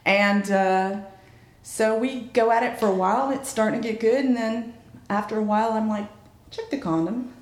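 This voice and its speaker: A woman telling a personal story in candid chat, blunt and frank, acting out quoted lines with jumps in pitch. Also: steady tone, moderate pace, reverberant.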